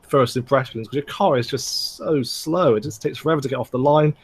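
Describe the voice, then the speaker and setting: Guy talking fast and blunt on a gaming podcast, mid pitch. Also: breathy edge. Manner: blunt, critical opinions. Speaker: podcast host. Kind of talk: casual chat about racing games.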